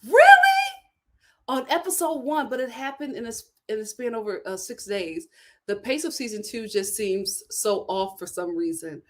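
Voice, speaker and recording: A young adult woman hosting a casual livestream, reading viewer comments aloud in a chatty, animated way and laughing often. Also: fairly high pitch, moderate pace. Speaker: YouTube show host reading super chats.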